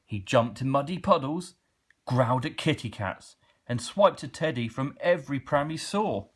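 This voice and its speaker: Man, children's story reader, husky voice, very lively pitch, playful. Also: normal speed. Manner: expressive, playful.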